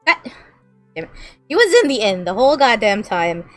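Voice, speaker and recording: A woman's voice: mid-range voice, big pitch swings, moderate pace, fairly bright tone, soft background music. A woman in her late twenties giving goofy, rambling commentary while playing a game. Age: late 20s. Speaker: gamer.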